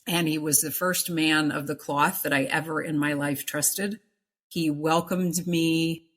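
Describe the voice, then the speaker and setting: A middle-aged woman with a deep, low voice speaks as a guest in an interview. She tells her personal story of faith earnestly, pressing her points and repeating words for emphasis. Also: fairly even intonation, measured pace, fairly bright tone. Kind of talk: emotional personal testimony.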